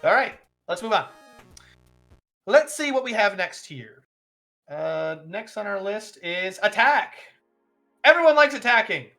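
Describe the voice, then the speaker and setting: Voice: mid-range voice, lively intonation, measured pace, pauses often, bright, forceful tone, soft background music. A streamer voicing a strict male combat teacher who lectures with rhetorical questions and dry humor in a tabletop role-play. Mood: lecturing. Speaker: game master.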